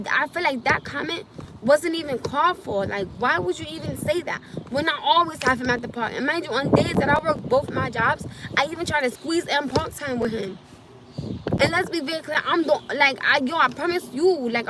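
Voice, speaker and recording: A woman's voice: high voice, moderate pace, noisy background. A young woman, venting angrily and repetitively on a live stream from her parked car. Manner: angry, repetitive ranting. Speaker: livestreamer.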